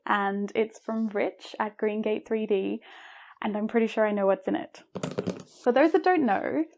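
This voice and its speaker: A young woman vlogging an unboxing, gushing and giggling with excitement. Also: on the high side, vocal fry. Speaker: maker vlogger. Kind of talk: unboxing vlog.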